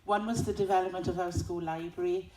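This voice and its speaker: At a community event, a woman representing a school gives a short speech thanking a fund, hesitating and correcting herself. Her voice is low-ish, steady, a little mellow, and fairly quick, recorded from afar in an echoey hall with faint noise.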